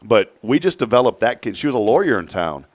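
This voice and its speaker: A man's voice: medium pitch, fast talker, dry recording. A man hosting a casual talk show, telling stories and acting out the people in them. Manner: storytelling, animated when quoting people. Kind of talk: casual chat.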